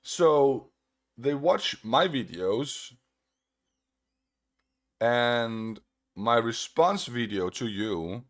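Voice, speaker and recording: Speaking very slowly with long pauses, this Australian video creator answers a critic in a casual commentary clip. His medium-pitched voice has lively intonation, and he mocks sarcastically while restating his arguments.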